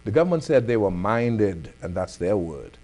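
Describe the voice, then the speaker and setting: A Bahamian man hosts a community affairs talk show. His voice sits low, and he builds his argument point by point in a firm, deliberate manner. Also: very animated, darkish tone. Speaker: host.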